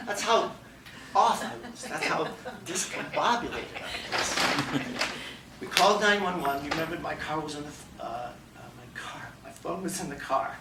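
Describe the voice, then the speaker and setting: A man giving a humorous story speech at a contest, animated and acting out dialogue, laughing along. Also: a little high, moderate pace, background noise. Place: meeting room before an audience. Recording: echoey room, mic far off, faint ambience.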